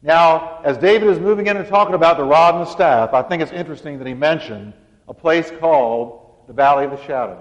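Male pastor, fairly high voice, emphatic sermon delivery, long church reverb, muffled lo-fi sound. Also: fairly quick. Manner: emphatic preacher, leads congregation in call-and-response. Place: church sanctuary.

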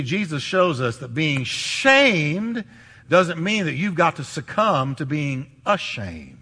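A male pastor preaches in a high, lively voice that climbs and drops as he drives his points home. His tone is very bright and forceful, and he calls on the congregation to repeat phrases after him. The long reverb of a big church hall hangs behind each line. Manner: emphatic preaching, leads the congregation in call-and-response. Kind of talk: sermon.

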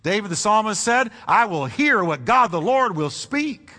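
Animated male preacher in a reverberant hall. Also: high voice, moderate pace. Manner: animated preaching with congregation call-and-response. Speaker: pastor. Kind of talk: sermon.

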